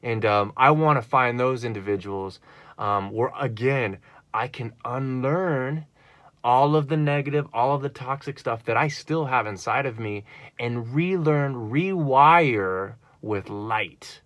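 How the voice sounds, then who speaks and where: A man's voice: medium pitch, unhurried, a bit bright, no room sound. A man talking in a rambling personal monologue, earnest and full of fillers and restarts. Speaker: vlogger.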